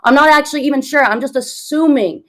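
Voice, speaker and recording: A woman's voice: sits high, fast talker, fairly bright tone. A woman in her early thirties on a voice call, arguing heatedly, rambling, swearing and defending herself. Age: early 30s. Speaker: content creator being interviewed. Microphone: computer mic on a voice call.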